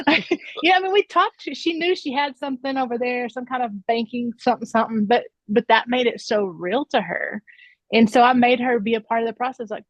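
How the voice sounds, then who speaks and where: A woman's voice: a little high, fairly quick, dry recording. A woman in her thirties or forties, talking earnestly in a casual round-table discussion and telling stories with many restarts. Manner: earnest, storytelling, frequent restarts and "right?". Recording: dull lo-fi dry sound.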